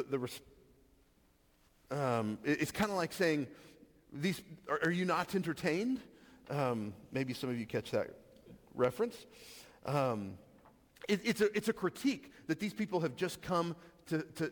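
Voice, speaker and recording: A pastor giving a conversational sermon, asking the listeners questions and restarting his sentences. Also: mid-range voice. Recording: long reverb of a hall.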